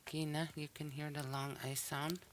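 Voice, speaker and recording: A language teacher giving a recorded pronunciation lesson, saying each example word slowly and then repeating it with care. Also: mid-range voice, level tone, a little hiss or hum.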